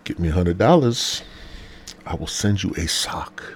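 A man hosting a podcast, delivering a rambling, profane comedy monologue in a husky voice. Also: deep voice, expressive, a little slow, a little hiss or hum. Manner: rambling, crude, laid-back. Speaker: podcast host.

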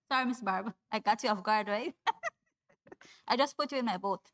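A woman's voice: mid-range voice, unhurried, a bit bright. A woman giving an informal sermon in a chatty way, laughing often and calling on listeners by name. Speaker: preacher.

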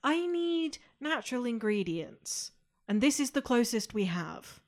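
A woman's voice: on the high side, sing-song, a little slow, a little mellow. A woman playing a tabletop game, talking in a chatty, rambling way with many "like"s and "um"s. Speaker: player.

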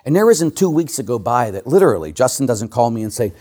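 Lively, joking older male priest. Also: medium pitch, fast. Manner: animated, joking, swings from loud to hushed. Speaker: Catholic priest. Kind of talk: storytelling talk to a church audience.

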